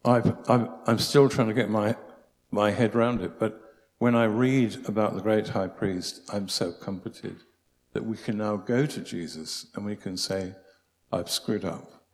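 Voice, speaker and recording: Low-voiced man preaching in a hall. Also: a little slow. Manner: animated, humorous storyteller. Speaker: speaker. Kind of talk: preaching talk with storytelling. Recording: long hall reverb.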